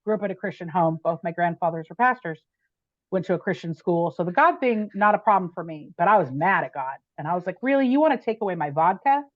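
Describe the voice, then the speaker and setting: A woman guest on a podcast telling a personal story in an animated, chatty way, with frequent "like" and "right?". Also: on the low side, fast talker, dry recording, dull audio.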